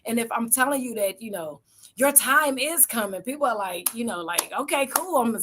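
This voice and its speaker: Middle-aged woman, higher voice, motivational speaker, animated storyteller who acts out quotes. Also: moderate pace, slight background noise. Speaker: event speaker. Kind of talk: motivational talk.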